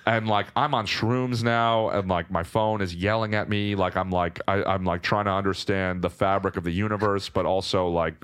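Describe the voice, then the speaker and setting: Low-voiced young man telling a story. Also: moderate pace, few pauses, clear, resonant tone. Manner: animated, many "like" fillers and restarts. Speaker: podcast guest. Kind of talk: casual storytelling.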